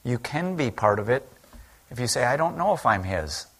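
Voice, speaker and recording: A man's voice: medium pitch, big pitch swings, moderate pace, fairly bright tone. A man, a pastor, preaching a sermon in an earnest, conversational way at a church service. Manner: conversational, earnest preaching that acts out quoted speech.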